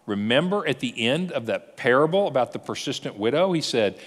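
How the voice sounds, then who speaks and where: Male pastor, lively sermon delivery, storytelling, rhetorical questions, expressive up-and-down pitch, reverberant church hall. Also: brisk, hardly any pauses.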